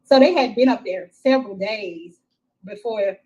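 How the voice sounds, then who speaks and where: A middle-aged woman from Texas, a mother telling her story in a live-stream interview, halting and repeating herself with many fillers. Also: mid-range voice, mellow, muffled recording. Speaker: grieving mother, interview guest. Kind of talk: emotional first-person account in a live-stream interview.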